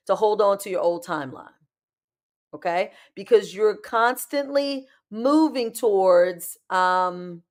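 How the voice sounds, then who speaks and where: A woman hosting a live spiritual talk show, chatting emphatically with her viewers and calling them y'all and baby. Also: mid-range voice. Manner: acts out inner voices in quick asides.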